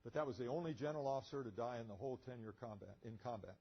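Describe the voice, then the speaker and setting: Old guy spinning a story at a lecture, husky voice, does the other guys' lines, kinda muffled sound. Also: medium pitch, very fast. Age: older. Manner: lively storyteller, acts out quoted dialogue, chuckles often. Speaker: guest speaker, retired pilot. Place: museum lecture room.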